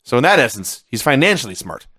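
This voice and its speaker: A middle-aged man co-hosting a wrestling podcast, telling stories in an animated, sarcastic way. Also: mid-range voice, quick pace, slightly rough. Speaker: podcast co-host. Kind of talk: casual wrestling review chat.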